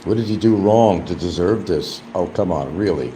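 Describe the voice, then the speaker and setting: Blunt, lively low-voiced man chatting. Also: normal speed, hardly any pauses, a little hiss or hum, poor audio. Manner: blunt, combative, rambling asides; eating while talking at times. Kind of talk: casual livestream chat.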